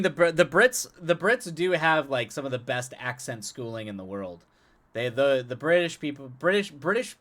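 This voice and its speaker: A man's voice: medium pitch, a bit bright. Chatty man streaming live to viewers. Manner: chatty, laughs often, repeats words and restarts. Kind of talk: casual chat with stream viewers.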